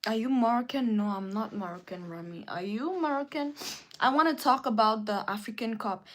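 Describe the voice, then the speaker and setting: A young adult woman hosting a casual livestream, reading viewers' comments aloud and ranting indignantly with sudden jumps in pitch. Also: moderate pace. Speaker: livestream host.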